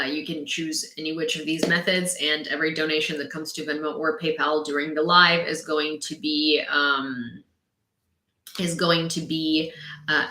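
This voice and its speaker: A young Ukrainian woman hosting a casual live stream, chatty and quick to laugh. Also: low voice, pushed and bright, echoey room, poor audio. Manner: chatty, laughs often, talks to her dog. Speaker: host of a live news stream. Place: home room.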